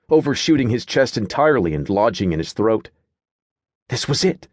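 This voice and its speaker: A male audiobook narrator with a medium-pitched voice reads a scripted story in a steady, measured way. The recording is dry, with clean studio sound.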